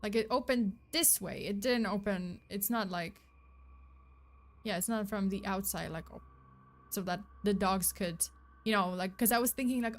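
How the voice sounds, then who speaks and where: A woman's voice: medium pitch, moderate pace. A woman streamer casually commenting on videos, rambling with many fillers and self-corrections. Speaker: streamer host.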